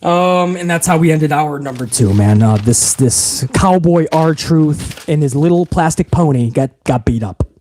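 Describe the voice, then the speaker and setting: Animated man recapping wrestling, high voice. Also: a little slow, few pauses, slight background noise. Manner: animated, profane, rambling with frequent restarts. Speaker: wrestling show host. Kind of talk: live stream recap commentary.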